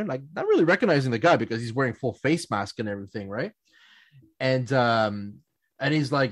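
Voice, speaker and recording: A man's voice: mid-range voice, a little fast, no echo. Québécois man telling hockey stories, dry mic. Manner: animated anecdotes, quotes others in playful voices, laughs often. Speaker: podcast host. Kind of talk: casual storytelling chat.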